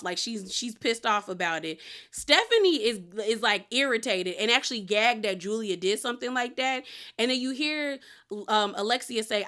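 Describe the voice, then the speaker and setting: Bright-voiced chatty woman recapping. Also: a little high, lively intonation. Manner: slangy, opinionated, quotes cast members in quick bursts. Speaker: reality TV recap host. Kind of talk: casual chatty episode recap.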